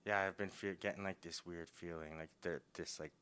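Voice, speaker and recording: A man chatting casually and laughing often, retelling a story with loud acted-out yells. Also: sits low, fairly even intonation, fairly quick, clean tone. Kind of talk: casual chat.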